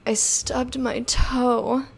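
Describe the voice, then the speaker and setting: A woman voicing a sultry female hotline operator who teases her callers in a slow, breathy purr. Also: on the high side, level tone, slight background noise, full character voice.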